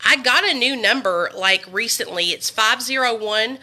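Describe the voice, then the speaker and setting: Woman in her 30s ranting to her live chat on her phone, bright voice, swears a lot. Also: fairly high pitch, normal speed. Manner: candid, swears freely, addresses viewers as y'all. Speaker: livestream host. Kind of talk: casual livestream chat. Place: her living room at home.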